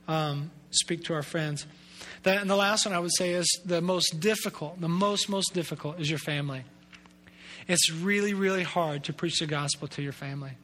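A man giving a Sunday sermon as a pastor in a church sanctuary, his voice pitched high and ringing bright. He stays earnest and conversational, doubles back on words for emphasis, and slips in wry jokes at his own expense. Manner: earnest and conversational, with self-deprecating asides; repeats words as he builds emphasis.

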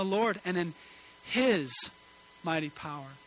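Earnest, bright-voiced male preacher. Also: on the high side, fairly even intonation, normal speed, a little hiss or hum, poor audio. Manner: earnest, emphatic preaching that drops to soft pleading. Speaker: pastor. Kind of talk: sermon. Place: church sanctuary.

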